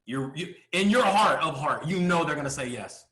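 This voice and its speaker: A man's voice: fairly high pitch, animated, bright, forceful tone. Emphatic male motivational speaker, echoey room. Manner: emphatic, with rhetorical questions and pauses. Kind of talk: motivational speech to a live audience.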